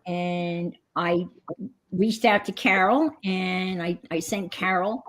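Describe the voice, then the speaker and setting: Hosting a crafting livestream, a woman chats casually and rambles along. Her voice is fairly low, slow, and a bit bright, picked up by a computer mic.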